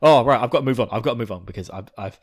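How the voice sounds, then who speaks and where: A man hosting a podcast, recapping an episode in a gushing, excitable, swearing way. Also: lowish voice, very fast, breathy edge. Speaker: podcast host.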